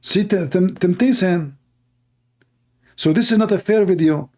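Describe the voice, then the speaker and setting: A man's voice: sits high, unhurried, darkish tone. A man hosting a show, giving mocking commentary on a video in sarcastic, broken English. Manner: sarcastic, repeats himself, broken English grammar. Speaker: host.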